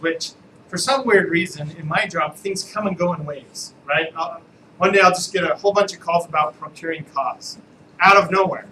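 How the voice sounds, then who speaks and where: A man's voice: high-pitched, sharp tone, a little hiss or hum, poor audio. A man, an attorney, giving a casual, joking live training talk to real estate agents and asking the room questions.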